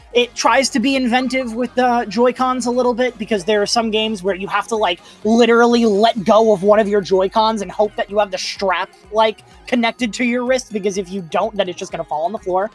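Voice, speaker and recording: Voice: mid-range voice, fairly quick, few pauses, faint music behind. A podcast panelist chatting casually about a game, rambling with many fillers and easy laughs.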